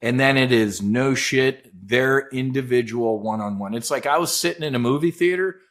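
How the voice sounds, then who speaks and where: A middle-aged former naval aviator, appearing as a guest in a casual chat, passionately tells an emotional personal story at a moderate pace. His middle-pitched voice is intense and unpolished, and he swears freely while animatedly acting out quoted dialogue.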